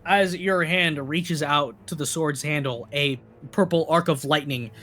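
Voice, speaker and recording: A man's voice: fairly high pitch, unhurried, bright, forceful tone. A man narrating as dungeon master in a loose, stumbling way with many restarts, over faint music. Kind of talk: narrating a tabletop game.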